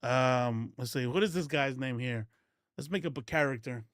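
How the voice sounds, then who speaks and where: A man's voice: medium pitch, normal speed, fairly bright tone, no room sound, studio quality. A man streaming live, chatting casually and joking around with a put-on Southern accent, full of restarts and asides. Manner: rambling and joking, frequent restarts and laughs, doing a put-on country accent.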